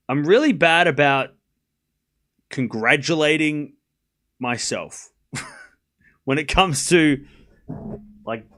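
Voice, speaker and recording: A man's voice: fairly high pitch, fairly bright tone. A man with an Australian accent hosting a live stream, giving casual commentary and chatting with viewers in a rambling, self-deprecating way, swearing now and then.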